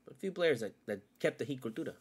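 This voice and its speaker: A man hosting his own sports podcast alone, ranting with constant swearing, jumping from loud outbursts to low mutters. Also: animated, racing, husky. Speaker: podcast host. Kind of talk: solo sports rant.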